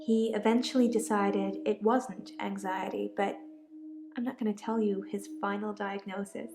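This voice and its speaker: A woman voicing calm, odd young patient. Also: mid-range voice, normal speed, roomy sound, lightly acted.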